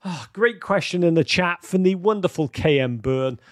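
A man hosting a live-streamed football chat, excitable and theatrical, swinging from outbursts to mock gloom with many ums. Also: high voice, moderate pace, no room sound, studio quality. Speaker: host.

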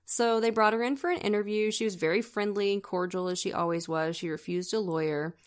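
A woman's voice: mid-range voice, steady tone, fairly quick. A woman co-hosting a true-crime podcast, telling the story in a casual, chatty way with wry asides. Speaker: podcast co-host.

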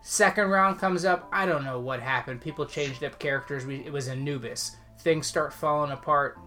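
A man co-hosting a casual podcast, heatedly retelling a story with lively, animated delivery. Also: on the high side, normal speed, faint music behind. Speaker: podcast co-host.

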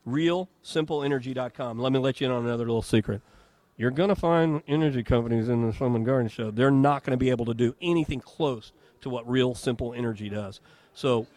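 A man's voice: medium pitch, no room sound. A man hosting a live radio talk show from a home and garden show, chatting, joking and reading ads.

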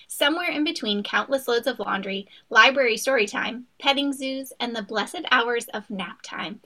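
A woman's voice: a little high, sharp tone. A woman co-hosting a podcast, reading an upbeat scripted introduction of her guest. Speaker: podcast co-host.

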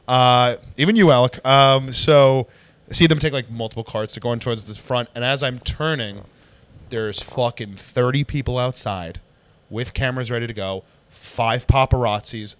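A comedian guest telling animated stories in a casual podcast chat, with frequent swearing. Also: male voice, medium pitch, normal speed, smooth. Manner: animated storyteller, swears a lot.

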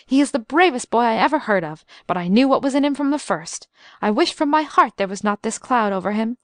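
A woman voicing an impulsive, warm-hearted older gentleman who is a father, speaking emphatically, in a storybook reading. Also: on the high side, expressive, a little fast, no room sound, clean studio sound. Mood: delighted.

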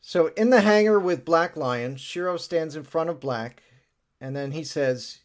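A man's voice: on the high side, measured pace. A man hosting a podcast, recapping a story in a casual, upbeat way and laughing often. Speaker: podcast host.

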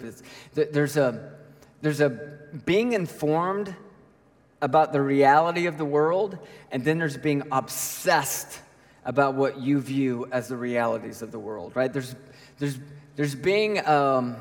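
A man preaching a sermon as a pastor, conversational and animated, often checking in with "right?" as he tells a story. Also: fairly high pitch, long reverb tail.

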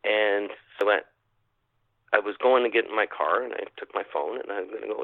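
A man's voice: on the low side, a little fast, creaky. Man telling a story over a tinny line. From Canada. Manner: animated storyteller, acts out his own thoughts, repeats phrases. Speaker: podcast guest. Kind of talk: telling a personal encounter story. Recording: dry tinny phone-line sound.

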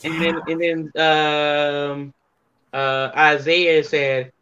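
A man with a bright, forceful voice that sits a little high tells stories from behind the scenes in wrestling. He is animated, jumps into other people's voices for quotes and swears freely. The recording sounds dull and lo-fi. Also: very slow, a little hiss or hum. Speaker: wrestler guest. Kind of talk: casual interview storytelling.

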